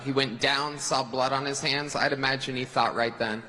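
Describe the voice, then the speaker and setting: A man's voice: medium pitch, fairly even intonation, moderate pace, pushed and bright, a little hiss or hum, rough recording. A man performing a mocking stand-up set at a rally in a large arena. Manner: mocking punchline delivery. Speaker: stand-up comedian.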